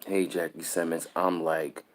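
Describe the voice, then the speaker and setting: Male streamer, very low pitch, somber and disturbed, rambling casual delivery. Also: little pitch movement, unhurried. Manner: repetitive, somber, greets chat viewers mid-sentence. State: upset and disturbed. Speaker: live stream host. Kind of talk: casual live stream talk.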